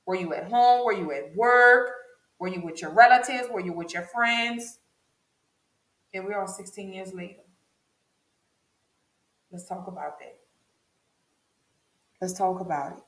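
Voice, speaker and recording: A woman's voice: mid-range voice, a little slow, long pauses, a bit bright. A woman telling her own story as a vlogger, repeating herself for emphasis and speaking straight to her viewers. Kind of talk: personal storytelling vlog. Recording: echoey room.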